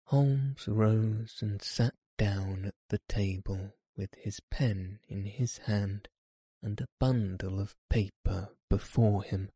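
A man narrating a classic story in a slow, measured audiobook reading. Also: on the low side, fairly even intonation, warm tone, husky, dry recording, studio quality.

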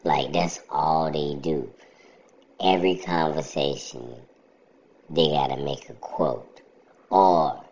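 A man's voice: a bass voice, gravelly, lo-fi sound. A man in casual chat, ranting bluntly about things that annoy him.

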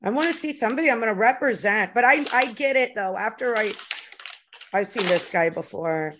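A woman's voice: fairly high pitch, brisk, background noise. A middle-aged woman from the United States chatting on a podcast, telling stories with lots of swearing and fillers. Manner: animated, profane storytelling with many fillers. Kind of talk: casual podcast chat.

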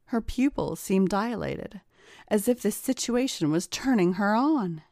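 Slow-reading woman narrator. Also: mid-range voice, animated, vocal fry, a little mellow, dry recording, clean studio sound. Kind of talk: erotic story reading.

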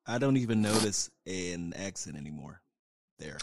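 Man, low voice, lively pitch, easygoing, reassuring, dry close mic. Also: unhurried, a little hiss or hum. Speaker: podcast co-host. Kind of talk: casual podcast chat.

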